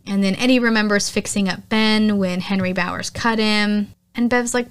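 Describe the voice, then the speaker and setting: A woman hosting a podcast, chatting casually through a horror movie recap, often quoting characters in lively voices. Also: medium pitch, normal speed, slight background noise. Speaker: podcast host.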